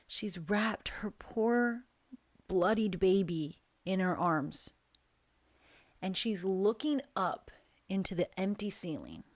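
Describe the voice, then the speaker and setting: A woman tells a frightening dream in a hushed, deliberate manner. Her pace is very slow, with long pauses. Her pitch sits in a plain middle range, and the sound is dry and close. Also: animated, dry recording. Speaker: guest storyteller. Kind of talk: dramatic personal storytelling.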